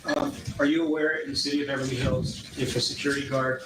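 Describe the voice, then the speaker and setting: A man's voice: mid-range voice, level tone, fast talker, fairly bright tone. A man cross-examining a witness in a courtroom, pressing with insistent yes-or-no questions. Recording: distant, echoey, noisy courtroom audio.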